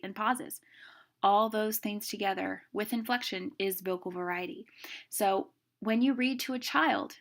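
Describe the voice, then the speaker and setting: A middle-aged woman teaching a class on speaking, brisk and emphatic, demonstrating stress and pauses as she goes. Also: mid-range voice, fairly bright tone. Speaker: speech instructor. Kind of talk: classroom lecture.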